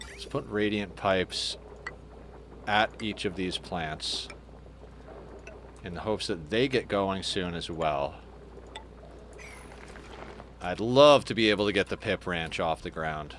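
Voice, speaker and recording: Low-voiced man thinking aloud over gameplay. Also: slow, long pauses, slight background noise. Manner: chatty, thinks aloud and coos softly to a pet. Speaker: game streamer. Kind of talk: casual let's play commentary.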